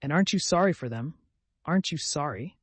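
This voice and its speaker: A man's voice: fairly high pitch, lively intonation, a little fast, breathy edge, no echo. A man voicing a timid, devout young woman who speaks in an earnest, pleading, distressed way.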